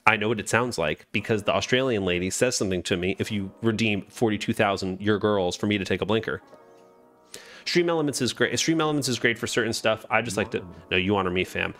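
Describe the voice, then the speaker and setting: Casual low-voiced male streamer. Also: animated, fast talker, fairly bright tone, faint music behind. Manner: rambling and casual, greets chat mid-sentence, swears and corrects himself. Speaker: Twitch streamer. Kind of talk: live-streamed software tutorial.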